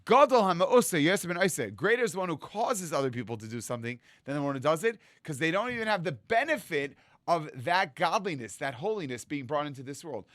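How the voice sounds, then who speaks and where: A man giving a rabbi's Torah sermon in a lively storytelling manner, acting out the lines he quotes. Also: a little high, fast, dry recording, studio quality. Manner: animated storytelling, acts out quotes.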